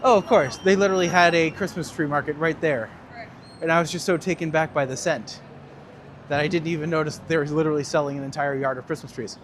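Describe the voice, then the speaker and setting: Tour-guide streamer, male, slightly high voice, casual and jokey, walking city streets with faint background noise. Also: fairly even intonation, quick pace. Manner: chatty and jokey, answering live chat while walking. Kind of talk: live walking-tour stream, chatting with viewers.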